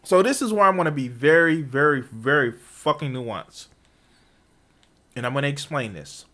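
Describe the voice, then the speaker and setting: A man's voice: fairly high pitch, animated, normal speed, bright, forceful tone, slight background noise. A man streaming a reaction to a debate, talking casually with profane, incredulous outbursts.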